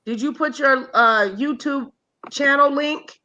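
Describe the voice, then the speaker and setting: Woman host, bright voice, slow drawl, video call. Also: high-pitched, dull audio. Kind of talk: casual chat on a video call.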